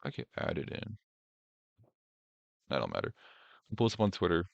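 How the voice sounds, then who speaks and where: Deep-voiced young man ranting on stream. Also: wildly swooping pitch, moderate pace, creaky, no echo. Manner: rambling, profane, mocking, with filler words. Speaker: streamer host. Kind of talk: casual reaction stream commentary. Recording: dry, dull lo-fi stream audio.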